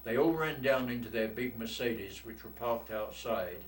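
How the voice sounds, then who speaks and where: Speaking at moderate speed and medium pitch, a veteran in his eighties with a London accent gives an oral history interview full of blunt, salty war stories. The recording has a distant mic, an echoey room, and faint noise.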